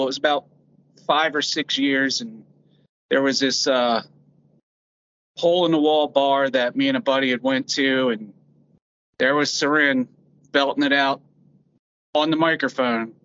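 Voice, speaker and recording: A man recalling a late friend in a halting, heartfelt way. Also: medium pitch, bright, forceful tone, dull audio. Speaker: friend sharing a memory. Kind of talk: casual memorial remembrance.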